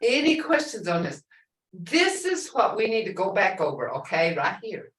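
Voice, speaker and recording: A woman teaching a language class, repeating words slowly and prompting her students to say them back. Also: mid-range voice, very animated, a bit bright. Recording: echoey room, mic at a distance.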